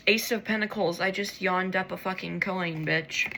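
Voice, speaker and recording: Sleepy woman vlogging a late-night tarot pull, crisp bright voice with vocal fry, talks to herself and curses a lot. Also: lowish voice, fairly even intonation, normal speed, a little hiss or hum. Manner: rambling, swears freely, talks to herself. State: tired, yawning. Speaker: tarot reader.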